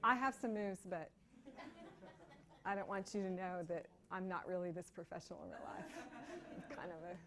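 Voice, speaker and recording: A woman presenting a teacher training session, talking in a relaxed way with self-deprecating humor. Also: on the low side, moderate pace, long pauses, a crowd in the background. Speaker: professional development presenter. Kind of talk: casual workshop presentation. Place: school meeting room.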